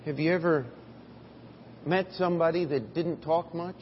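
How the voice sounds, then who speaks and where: A man preaching a sermon in a church, telling a story and moving between quiet, drawn-out phrases and loud, emphatic bursts. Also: fairly high pitch, slight background noise. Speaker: pastor. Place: church sanctuary. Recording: dull audio in a reverberant hall.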